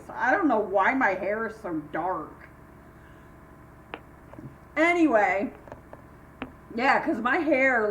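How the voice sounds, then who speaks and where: An older woman vlogs casually from home, rambling through stories and acting out what people said with sharp jumps in pitch. The recording comes from a distant mic in an echoey room with faint hiss.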